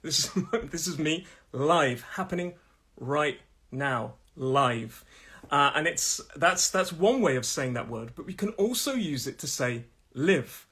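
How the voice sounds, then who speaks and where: A man's voice: on the high side, animated, unhurried, a bit bright, slightly rough. A man from Nottingham with a Midlands accent, hosting a live-streamed English pronunciation lesson from his room in a chatty way, often laughing and repeating himself. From Nottingham, England.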